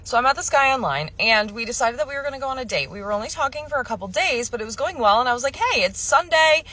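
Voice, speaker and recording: A woman's voice: on the high side, expressive, very fast, sharp tone. A woman telling a dating story to camera in a blunt, profane way, acting out what each person said. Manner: blunt and profane, quotes herself and others. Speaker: storyteller in a clip.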